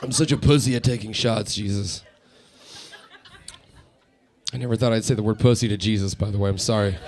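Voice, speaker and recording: A man doing a stand-up set in a radio station's live studio, animated and laughing at his own jokes. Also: lowish voice, fast, slight background noise. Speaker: stand-up comedian.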